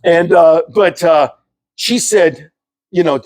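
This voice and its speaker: A middle-aged man with a Pittsburgh accent, telling lively anecdotes in casual chat and acting out the people in them. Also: fairly high pitch, slow pace. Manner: animated, laughing, acts out voices in anecdotes. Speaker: artist telling stories.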